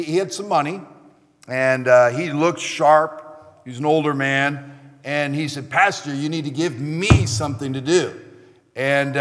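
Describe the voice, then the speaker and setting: A middle-aged pastor preaches a sermon in a church hall, his voice bright and a little high. He tells his stories earnestly and stops to restart his sentences often. A long reverb trails each phrase through the sanctuary. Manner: earnest storytelling, halting restarts.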